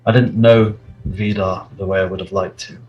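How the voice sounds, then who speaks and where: A man playing a remorseful, halting hero. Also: sits low, level tone, lo-fi sound, close to an everyday voice. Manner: halting, earnest, measured. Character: remorseful young man owning his mistake. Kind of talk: in-character tabletop role-play.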